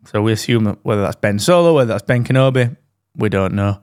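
A man's voice: fairly low pitch, expressive, quick pace, a little mellow, smooth, dry recording, studio quality. Sweary man in casual podcast chat. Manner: jokey, sweary banter. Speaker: podcast co-host. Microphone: studio dynamic mic.

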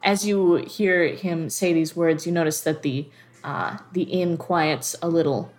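Slow-paced woman running a tabletop game. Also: deep voice. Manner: relaxed, giggly, many fillers. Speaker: game master.

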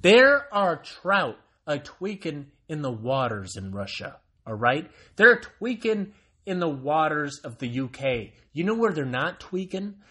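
An American man hosting a sarcastic solo monologue, reading out a news item and breaking off into mocking asides that swing from loud to muttered. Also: on the high side, sing-song, measured pace, breathy edge. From United States. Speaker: solo commentary host.

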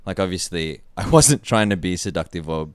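A man's voice: low-pitched, normal speed, smooth, no echo. A man, co-hosting a casual podcast chat and telling stories with lots of laughter. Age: 30s. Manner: animated storyteller who laughs often. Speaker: podcast co-host.

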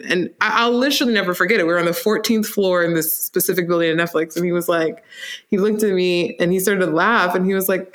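A woman in her thirties, a company co-founder, telling her career story in an interview, animated and laughing easily as she acts out what others said. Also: fairly low pitch, fast. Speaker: startup co-founder, guest.

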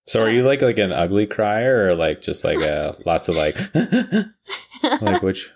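A man's voice: sits low, normal speed. A man chatting casually as a co-host, teasing with dry humor and lots of "like" fillers. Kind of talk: casual chat.

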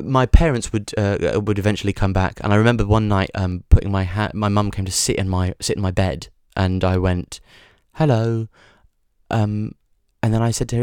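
A man's voice: fairly low pitch, darkish tone, clear, resonant tone, no room sound, clean studio sound. A man hosting a podcast, talking in a rambling comic monologue, full of restarts and swearing. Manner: digressive, sweary, stumbling restarts. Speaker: podcast host.

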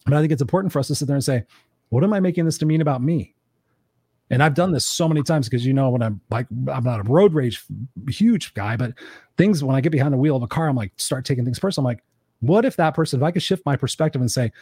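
Male podcast host, brisk and husky, loose and profane, acts out voices. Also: mid-range voice, dry recording, clean studio sound. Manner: animated, swears freely, acts out quoted voices. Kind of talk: casual coaching conversation.

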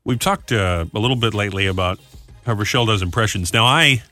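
A man's voice: lowish voice, fast talker, pushed and bright, soft background music. A man hosting a radio show, chatting casually and teasing his co-hosts. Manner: teasing, playful. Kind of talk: casual on-air banter.

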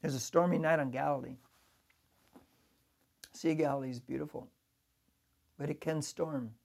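A male pastor preaching a sermon, telling the story dramatically and swinging from loud to hushed. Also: a little high, steady tone, moderate pace, gravelly.

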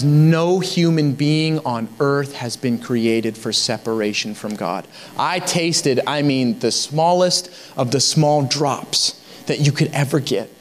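A young adult man, a guest pastor, preaching a fervent sermon that exhorts the congregation. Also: a little high.

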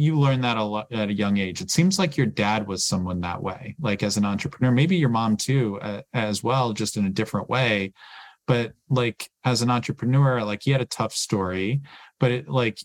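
A man's voice: mid-range voice, expressive, normal speed, dry recording. A man hosting a podcast interview, asking long questions full of fillers. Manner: rambling, many fillers. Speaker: podcast host. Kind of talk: casual interview.

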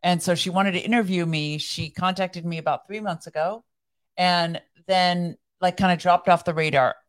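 A middle-aged woman co-hosting a faith podcast, chatting casually and telling animated stories, often acting out other people's lines. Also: normal speed. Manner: animated storyteller, acts out quoted voices with high excited pitch. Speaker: podcast co-host. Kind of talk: casual conversation.

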